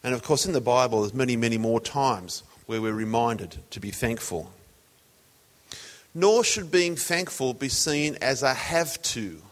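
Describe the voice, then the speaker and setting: A man's voice: mid-range voice, expressive, a little slow. A man preaching a sermon in a conversational, storytelling way. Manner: conversational, tells jokes as illustrations. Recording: long hall reverb.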